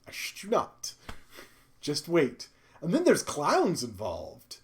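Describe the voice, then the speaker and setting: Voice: mid-range voice, huge pitch swings, slow. A game streamer giving casual let's-play commentary, swearing freely and muttering asides.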